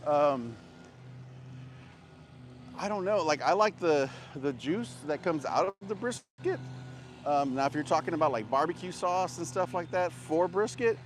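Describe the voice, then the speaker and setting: A man's voice: on the high side, animated, measured pace, slight background noise. A man chatting on a livestream while walking outdoors, out of breath and panting between sentences. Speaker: barbecue vendor livestreaming. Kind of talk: casual livestream chat. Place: outdoors on a walk.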